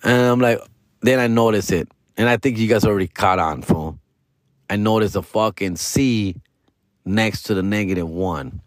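A man from Los Angeles, a comedian, telling a story in a casual, profane, slangy way, dropping Spanish words and swinging his pitch and loudness. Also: normal speed, no echo, studio quality. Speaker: stand-up comedian, podcast host.

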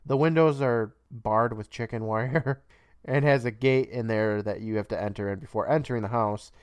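A man's voice: medium pitch, moderate pace, clear, resonant tone, no echo, clean studio sound. A man co-hosting a podcast, recapping a show casually, swearing freely and laughing often. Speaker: podcast co-host.

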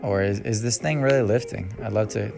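A man's voice: lowish voice, brisk, vocal fry. A young man hosting his own solo podcast, musing casually and trailing off with frequent ums and sighs. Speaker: podcast host. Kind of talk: rambling solo podcast monologue. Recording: music playing behind the voice.

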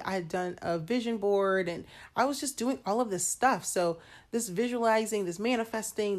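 A young adult woman hosting a solo podcast, chatting candidly and calling her listeners "y'all" and "honey". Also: mid-range voice. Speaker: podcast host. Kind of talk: casual solo podcast talk.

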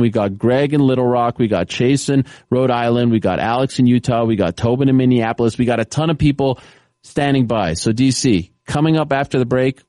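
Guy hosting sports radio, brisk patter, dry studio sound. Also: mid-range voice, warm tone, no echo. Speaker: radio show host.

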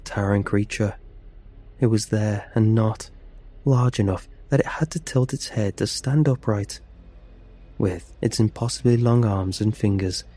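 A man narrating a horror story for a podcast in a slow, hushed and tense way. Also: lowish voice.

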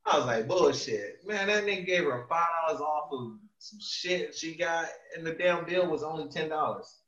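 A man telling a funny story in casual chat, laughing often and dropping low and quiet for the quoted lines. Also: normal speed. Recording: echoey room, far from a dull mic.

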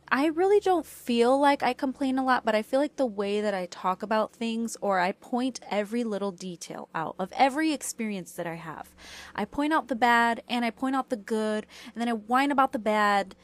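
A woman's voice: fairly high pitch, no echo, clean studio sound. A young woman hosting a casual podcast at home, rambling on with lots of fillers and restarts into a small clip-on mic. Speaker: podcast host. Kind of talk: casual solo podcast chat. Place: at home, washer running nearby. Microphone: small clip-on mini microphone.

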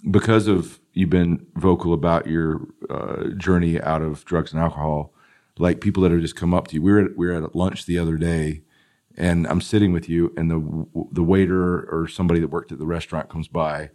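A man with a very deep voice hosts a studio podcast. He talks in a relaxed, conversational way and keeps nudging his guest along with short encouraging responses. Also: a little fast. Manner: encouraging, frequent brief affirmations. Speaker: podcast host. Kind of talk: interviewing, casual chat.

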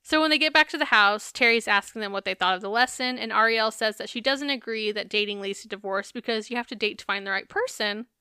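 In clean studio sound with no echo, a woman with a medium-pitched, sharp, clean voice co-hosts a podcast. She chats casually about a reality show, dropping some swear words and laughing while she recaps.

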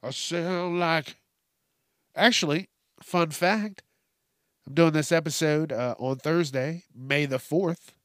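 Slow-talking profane podcast host, man. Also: fairly high pitch, no echo, studio quality. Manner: profane, ranting storyteller. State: congested from allergies. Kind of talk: solo call-in podcast monologue.

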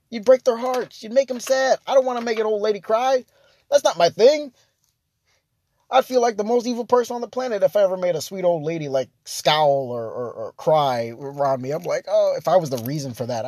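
A man's voice: sits high, a little mellow, no room sound. A young man hosting a casual solo podcast, rambling with many fillers and restarts, chuckling between thoughts. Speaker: podcast host.

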